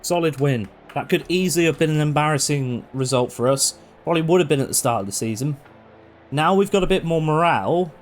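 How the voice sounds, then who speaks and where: Streaming a football management game, a man with a fairly high-pitched voice swears casually as he comments. He speaks directly to the players on screen and veers off into rants.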